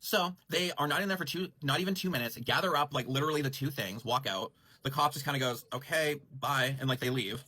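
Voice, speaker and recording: Casting: man, quick rambling storyteller, bright and husky voice, dry close sound. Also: medium pitch, no echo. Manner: rambling, heavy use of "like", frequent self-corrections. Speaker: dog grooming salon owner telling a story. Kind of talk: casual storytime monologue.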